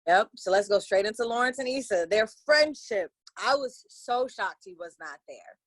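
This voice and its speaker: A woman co-hosting a podcast, chatting casually with slangy, animated storytelling. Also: medium pitch, normal speed, no echo. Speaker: podcast co-host. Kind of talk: casual chat.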